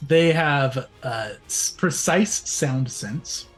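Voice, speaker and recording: A man's voice: medium pitch, extremely slow. A man running a tabletop game as game master, easygoing and laughing at his own slips, with music in the background.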